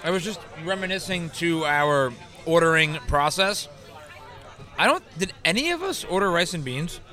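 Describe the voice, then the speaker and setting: High sharp-voiced guy rambling on a podcast, keeps restarting his sentences. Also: lively intonation, normal speed. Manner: rambling, self-interrupting storyteller. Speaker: podcast co-host. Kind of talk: casual chat.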